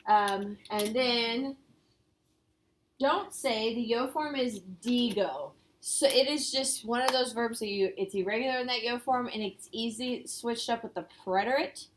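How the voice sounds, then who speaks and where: A woman's voice: fairly high pitch, unhurried, slight background noise. A woman teaching a casual review lesson, explaining step by step and quizzing her students. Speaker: Spanish teacher.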